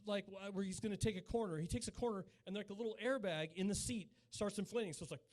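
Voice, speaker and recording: On a small cafe stage, a Utah man in his forties performs live stand-up, chatting with the audience and riffing with mock incredulity. His voice is high-pitched and he talks fast.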